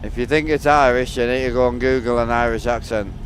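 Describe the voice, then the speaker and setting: A man from North East England with a North East England accent, chatting casually with viewers on a live stream. He talks quickly and slurs his words in a muddy voice. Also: mid-range voice, fairly even intonation, faint music behind.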